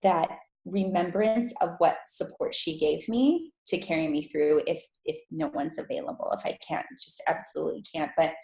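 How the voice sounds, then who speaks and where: Animated woman telling a story, echoey room. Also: normal speed, gravelly, few pauses. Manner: animated, acts out quotes in high voice. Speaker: podcast guest. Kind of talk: casual storytelling interview.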